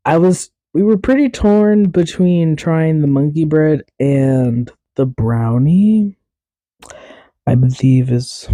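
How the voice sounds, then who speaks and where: A man's voice: medium pitch, dark tone, dry recording. A young man hosting a podcast alone, in a casual, rambling, chatty way that often corrects itself mid-sentence. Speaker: podcast host. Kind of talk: casual solo podcast chat.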